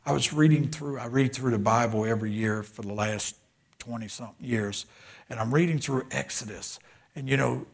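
An older man from southeastern Louisiana, a pastor telling stories in a sermon, animated and dropping into hushed whispers for emphasis. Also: mid-range voice, moderate pace, creaky. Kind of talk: storytelling sermon.

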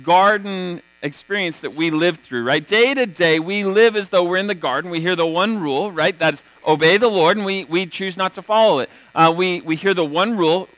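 A man with a fairly high voice delivers a sermon in a relaxed, talky manner, dropping "right?" after many of his points. He retells scripture stories with a storyteller's energy. The sound is dry and close, with little room around it. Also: no room sound, poor audio. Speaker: pastor.

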